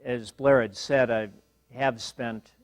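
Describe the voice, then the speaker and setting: An older man addresses a university class as guest speaker. He talks in a measured, dryly humorous way, stopping often to gather his words. The sound is close and dry, with little room echo. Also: mid-range voice, fairly even intonation. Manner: measured, wry, frequent pauses and fillers. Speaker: guest lecturer. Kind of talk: university lecture. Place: lecture hall.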